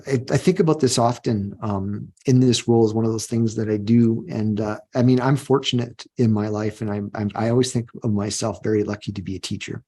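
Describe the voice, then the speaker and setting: A man's voice: fairly low pitch, steady tone, brisk, few pauses, warm tone, breathy edge. A middle-aged man, a union president, talking earnestly in a podcast interview and often repeating words as he thinks. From Canada.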